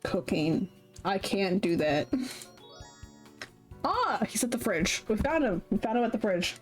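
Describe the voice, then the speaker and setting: Chatty young woman streaming a game. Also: medium pitch. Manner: chatty and irreverent, with frequent laughs and swearing. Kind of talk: casual let's-play commentary.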